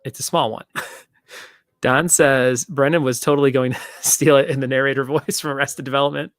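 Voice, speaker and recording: A man's voice: mid-range voice, fairly even intonation, moderate pace, dry recording, clean studio sound. A young man hosting a casual live-stream trivia show, joking and rambling as he reads out viewer comments.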